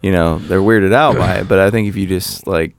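A man's voice: deep voice, no echo. Man joking crudely on a podcast, dry sound. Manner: crude joking, quick asides, laughs often. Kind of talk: casual podcast banter.

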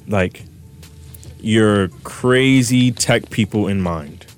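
A man's voice: on the low side, animated, drawn-out words, soft background music. A young man co-hosting a podcast, chatting casually with a joking, slangy manner and explaining things at length. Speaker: podcast co-host. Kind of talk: casual chat.

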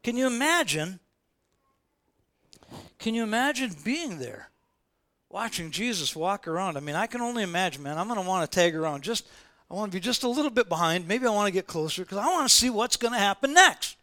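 A man preaching a sermon, retelling scenes in a lively, casual storytelling way and acting out the quoted voices with slang. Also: high-pitched, fast talker. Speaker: pastor.

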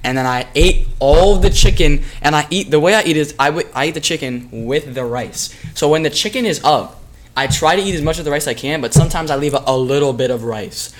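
A young man co-hosting a podcast, loud and heated, insisting and repeating his points in casual banter. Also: fairly high pitch, brisk. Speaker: podcast co-host.

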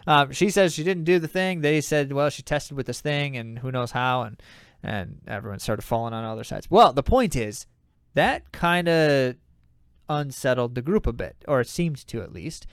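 A man hosts a running podcast and gives his take on the news, emphatic and opinionated, with plenty of fillers. His voice sits at a middle pitch. The sound is dry and close. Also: normal speed, clear, resonant tone, no room sound. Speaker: podcast host. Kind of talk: casual news commentary.

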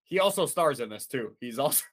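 A man co-hosting a podcast in casual chat, excitable and laughing often, swearing freely. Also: mid-range voice, brisk. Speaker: podcast co-host.

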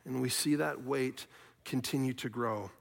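A man preaching a sermon as pastor, earnest, swinging from loud questions to quiet, soft passages. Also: medium pitch, a little slow, vocal fry, long reverb tail. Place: church sanctuary.

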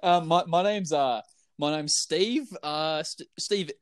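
A man's voice: a little high, no room sound, voice pushed up. A man putting on a bumbling Sydney bloke. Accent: put-on Australian. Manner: halting, stumbling over his own name. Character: clueless young Australian man from Sydney.

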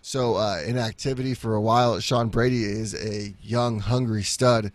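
A man co-hosting a casual sports podcast, running through upcoming fights quickly and swearing now and then with an easy laugh. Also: on the low side, steady tone, no echo. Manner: brisk fight rundown, swears, laughs easily. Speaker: podcast co-host previewing fights.

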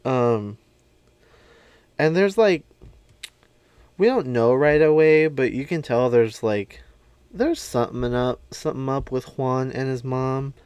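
A man chats about a film in a relaxed, unhurried way, his voice smooth and clear. He gushes and fills his talk with ums and likes. The recording is dry, with no room sound. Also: mid-range voice, no room sound. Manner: gushing, chatty, lots of fillers. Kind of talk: casual movie recap.

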